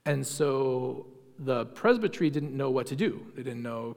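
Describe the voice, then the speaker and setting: A man's voice: medium pitch, normal speed, darkish tone, big-room sound. A man teaching a Sunday school class in a conversational lecture, often asking the class questions and using many fillers. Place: church classroom.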